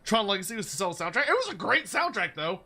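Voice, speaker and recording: A man casually commentating on his own gameplay in an animated, joking way, with casual swearing. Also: high-pitched, quick pace. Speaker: streamer.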